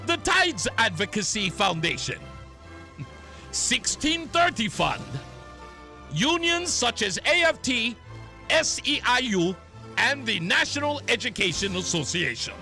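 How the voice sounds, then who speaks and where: A man's voice: very high voice, very animated, slow, long pauses, sharp tone, faint music behind, heavily acted. A man doing a gloating mock Russian announcer. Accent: put-on Russian accent. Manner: mocking, theatrical, chuckling. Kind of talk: talk radio parody bit.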